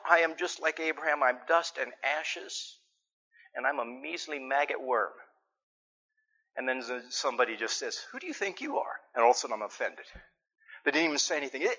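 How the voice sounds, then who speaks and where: A man with a fairly high voice preaches a sermon in earnest, his delivery swinging from hushed asides to loud, pressing emphasis. He sometimes slips into sheepish voices to act out examples. The recording sounds dull and lo-fi. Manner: acts out little spoken examples in a sheepish tone.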